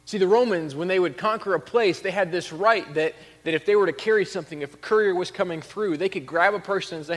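A pastor giving a conversational sermon that rises to emphatic peaks. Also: male voice, high voice, fast talker, hardly any pauses, long reverb tail.

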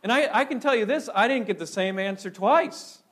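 High-voiced pastor from Minnesota preaching. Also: male voice, fairly quick. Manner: animated storytelling with repeated restarts. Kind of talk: sermon.

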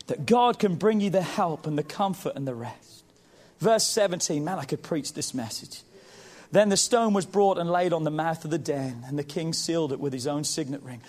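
A man preaching a sermon as pastor, building intensity and calling out to the congregation. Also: high-pitched. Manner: preaching with rising intensity and call-and-response.

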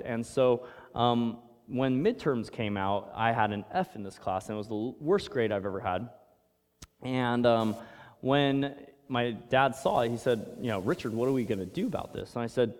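Pastor guy preaching, tells stories, goes loud then real quiet, long church echo. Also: medium pitch. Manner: storytelling, swings from loud emphasis to hushed. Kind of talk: sermon. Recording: long hall reverb.

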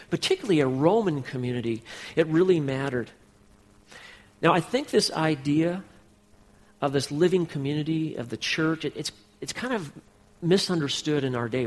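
A man's voice: fairly high pitch, long reverb tail. A man pastor preaching a sermon, speaking earnestly and directly to his congregation.

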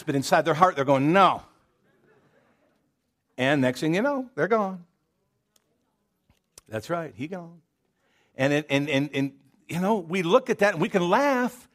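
A male pastor with a drawl preaches to his congregation in a casual, storytelling manner, trailing off into asides and restarting his sentences. His voice sits a little high for a man. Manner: folksy and conversational, with many restarts and asides. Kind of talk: sermon. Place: church sanctuary.

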